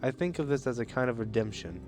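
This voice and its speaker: A man voicing a frail elderly woman prisoner who talks softly and regretfully in a game. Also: mid-range voice, lively intonation, fast, lightly acted. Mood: wistful. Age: older.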